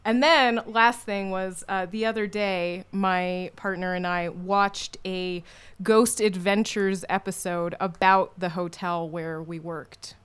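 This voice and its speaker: A woman's voice: mid-range voice, steady tone, slow pace, fairly bright tone, clear, resonant tone. A woman guest telling stories in casual podcast chat, laughing often and using many fillers. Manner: laughing, chatty, lots of fillers. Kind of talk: casual storytelling.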